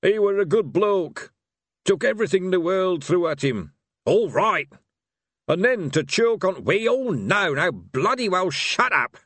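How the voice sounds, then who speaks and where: A man's voice: high voice, sing-song, measured pace, fairly bright tone, dry recording, voice pushed up, exaggerated voice. A man voicing a grumbling old male barbarian warrior who talks bluntly and swears. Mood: gruff. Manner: gruff, blunt and cursing.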